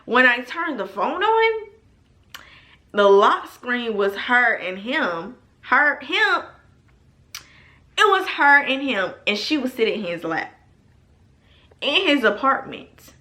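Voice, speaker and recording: Mujer animada contando una historia, voz brillante. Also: female voice, fairly high pitch, takes it slowly, long pauses. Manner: animated and emphatic, addresses viewers as y'all. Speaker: storytelling vlogger. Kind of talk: casual storytime vlog.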